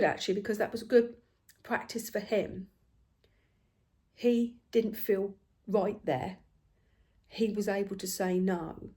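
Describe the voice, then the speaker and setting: An older woman, chatting casually about family while she stitches at home, telling stories with lively swings and quiet hushed asides. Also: medium pitch. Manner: chatty, animated storytelling, dropping to hushed asides. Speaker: craft vlogger.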